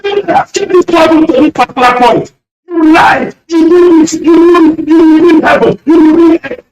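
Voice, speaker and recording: A man calling in to a radio show, speaking emotionally in rapid-fire accusations and shouting at times. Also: extremely high pitch, background noise. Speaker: caller. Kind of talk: impassioned radio call-in speech. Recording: echoey and distant line.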